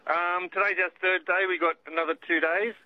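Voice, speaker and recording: A man's voice: high-pitched, level tone, fairly quick, slight background noise. An older Australian man calling in to a radio show, chatty and upbeat, saying mate a lot. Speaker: caller. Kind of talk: casual phone-in chat. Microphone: public phone box. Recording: lo-fi phone line.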